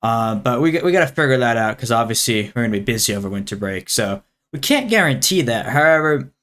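A teenage boy hosts a podcast in relaxed casual chat. His voice sits in a middle pitch, and he talks in an easygoing way, often breaking into laughs. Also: fairly quick. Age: teens. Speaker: podcast host.

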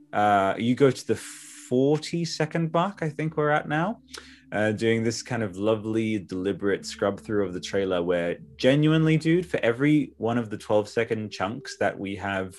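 A man's voice: medium pitch, expressive, moderate pace. A man hosting a podcast, chatting casually with lots of enthusiasm and casual swearing. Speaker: podcast host.

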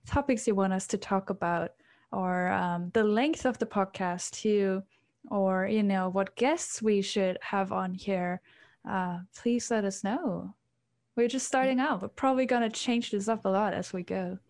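A woman's voice: medium pitch, unhurried, a little mellow. A woman co-hosting a podcast, talking casually and explaining at length with fillers. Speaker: podcast co-host. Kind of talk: casual chat.

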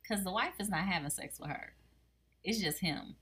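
Woman, podcast co-host, casual chat, animated, bright voice. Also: lowish voice, normal speed, slightly rough. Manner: animated, chatty, laughs often. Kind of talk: casual chat about reality TV.

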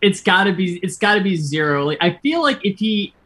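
A woman's voice: mid-range voice, very animated, a little fast, a loud crowd. A woman co-hosting a casual chat, thinking aloud with lots of fillers.

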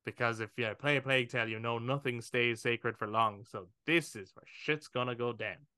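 A man with a bright, forceful voice chatting casually as a podcast co-host. He acts out what he was thinking as he goes, with swearing and laughter. The recording is dry and close. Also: medium pitch, fairly even intonation, normal speed, smooth, no room sound. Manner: acts out his own thoughts, swears, laughs. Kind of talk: casual chat.

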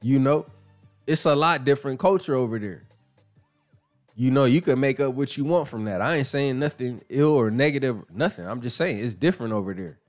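A man's voice: mid-range voice, brisk. Male podcast host, casual and profane, faint music under him. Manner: animated, profane, laughing. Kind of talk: casual commentary.

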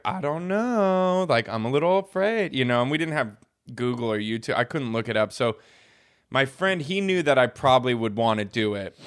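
A man's voice: medium pitch, fairly bright tone, clear, resonant tone, no room sound, studio quality. A man hosting a casual podcast chat, telling a story with frequent laughs and casual swearing. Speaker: podcast host.

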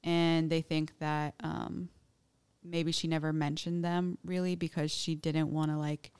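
Chatty young woman, smooth low voice. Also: little pitch movement, a little slow, a little mellow. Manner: chatty, filler-heavy, restarts sentences. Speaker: podcast co-host. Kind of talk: casual chat, reading research notes.

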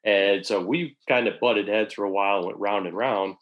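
A man's voice: fairly low pitch, moderate pace, dull audio. A man casually telling a long work story, sprinkled with swearing and acted-out quotes. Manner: casual, profane, acts out quoted voices.

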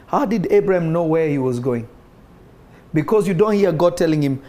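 Man preaching, slightly high voice, animated delivery, calls out to congregation. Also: fairly quick. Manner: animated, calls out to listeners, acts out God's voice. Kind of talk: sermon livestreamed to an audience.

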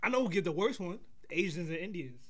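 A man's voice: high voice, expressive, fast, a little hiss or hum. A man arguing and joking in casual podcast banter. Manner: loud, joking, argumentative. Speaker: podcast co-host.

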